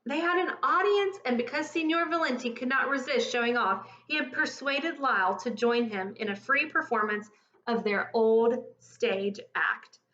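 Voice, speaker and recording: A woman reading a children's picture book aloud in an expressive, lively storytelling manner. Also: fairly high pitch, moderate pace. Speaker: storybook reader. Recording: echoey lo-fi room recording.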